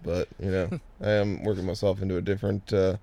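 Deep mellow-voiced man hosting. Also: a little fast, creaky, no echo. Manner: joking, relaxed questions. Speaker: interview host. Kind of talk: casual interview chat.

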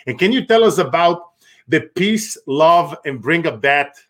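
A man's voice: on the high side, expressive, a little slow, fairly bright tone. A man hosting an interview, talking emphatically and preachily, repeating phrases. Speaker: interview host. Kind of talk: interview talk, promotional.

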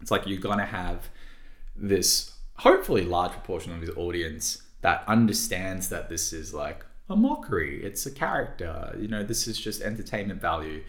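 A man's voice: low-pitched, very animated, normal speed, echoey room. A man co-hosting a casual podcast discussion, thinking aloud with hesitant restarts and frequent fillers. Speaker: podcast co-host.

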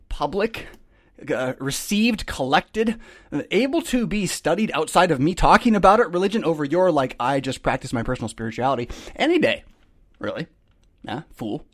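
A man's voice: on the high side, no room sound, clean studio sound. A man hosting a show, preaching in a rambling, emphatic way with sarcastic asides and repeated words. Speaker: host. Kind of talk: casual preaching monologue.

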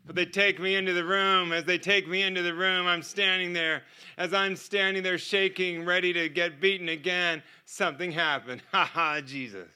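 A man's voice: high voice, steady tone, moderate pace, sharp tone, smooth. An American man preaching a sermon, telling his testimony as a vivid story and acting out the dialogue. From United States. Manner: vivid storyteller who acts out dialogue and laughs often. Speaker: guest preacher.

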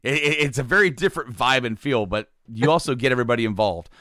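A man's voice: medium pitch, expressive, fast talker, pushed and bright, no echo, studio quality. A man hosting a casual music podcast, talking loosely with many restarts and fillers. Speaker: podcast host. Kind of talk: casual chat.

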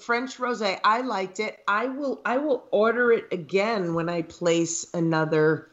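A woman co-hosting a casual podcast, talking in a halting, playful way. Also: medium pitch, a bit bright, muffled recording. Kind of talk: casual group chat.

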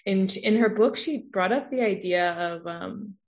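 Woman, casual podcast guest, quick, searching for words, mid voice. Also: mid-range voice, vocal fry, rough recording. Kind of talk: casual conversation.

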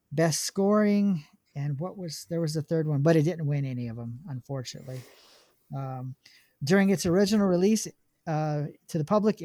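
A man's voice: a little high, warm tone, dry recording. A man hosting a casual podcast chat, reading film notes aloud with many ums and restarts. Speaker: podcast host.

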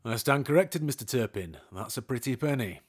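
A man's voice: medium pitch, animated, a little fast, breathy edge. A man co-hosting a comedy history podcast, playful and theatrical. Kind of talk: comic sketch interview.

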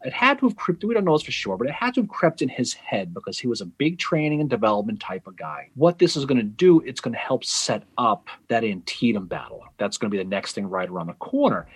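A man's voice: mid-range voice, very animated, quick pace, hardly any pauses, slightly rough, no echo. A man co-hosting a casual history discussion, loose and conversational, with slang and sports analogies. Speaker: podcast co-host.

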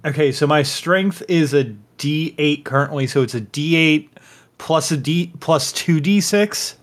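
A man's voice: fairly high pitch, a little slow. A man playing a tabletop game, brash and stammering, swearing often. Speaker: player. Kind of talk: casual tabletop game chat.

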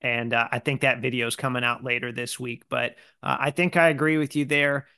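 Smooth-voiced man hosting a podcast. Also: mid-range voice, a little fast, dry recording, clean studio sound. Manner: relaxed, conversational, with frequent fillers. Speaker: podcast host. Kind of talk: casual podcast chat.

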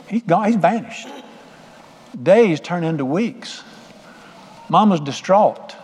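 A man's voice: high voice, expressive, slow, a little mellow, husky, in a large hall. A middle-aged man preaching a sermon, telling a folksy story and putting questions straight to the congregation.

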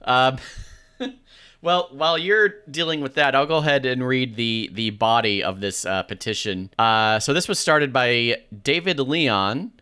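A man's voice: mid-range voice, a little slow, sharp tone, smooth. A man co-hosting a podcast in casual chat, laughing often and reading aloud with amusement. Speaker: podcast co-host.

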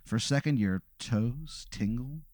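A male podcast co-host improvises a comic hypothetical story. He narrates in a loose, rambling way and leans on fillers, at an ordinary pitch. The recording is dry and close. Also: unhurried, darkish tone, no room sound. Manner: rambling, filler-heavy second-person narration.

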